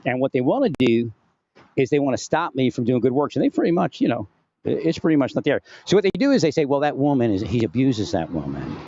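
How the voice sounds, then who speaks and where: A man's voice: medium pitch, sing-song, quick pace, mellow, dull audio. A man rambling through a personal monologue into his own mic at home, distracted and restarting often. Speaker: vlogger. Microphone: home recording setup with phantom-powered mic.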